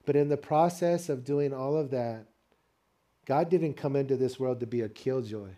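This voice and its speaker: An older man preaching a sermon, telling a family story with lively call-and-response to the congregation. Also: medium pitch, normal speed. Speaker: pastor.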